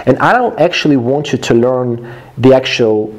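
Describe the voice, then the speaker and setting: Male English teacher, Russian native speaker, explanatory, simple wording, mid-pitched. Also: normal speed. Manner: explains phrases in simple words and translates them. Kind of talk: language lesson.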